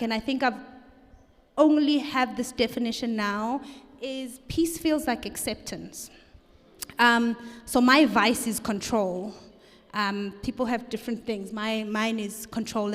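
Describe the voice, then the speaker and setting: A woman's voice: on the high side, big-room sound. A woman speaking candidly and self-deprecatingly at a book launch, often repeating her phrases. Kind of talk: candid personal reflection. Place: live event hall.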